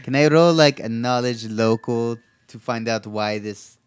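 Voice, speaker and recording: A man takes part in a tabletop game session, keeping up a stream of curious questions. His voice sits at a middle pitch. Faint music plays behind him. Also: unhurried. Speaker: player. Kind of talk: casual play at a tabletop game.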